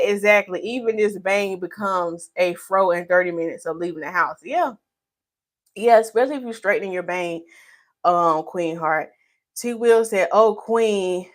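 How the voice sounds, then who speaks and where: A woman's voice: fairly low pitch, fairly bright tone. Playful woman. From North Carolina, USA. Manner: playful, teasing, reads viewer comments aloud. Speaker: hairstylist host. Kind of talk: live stream chat Q&A.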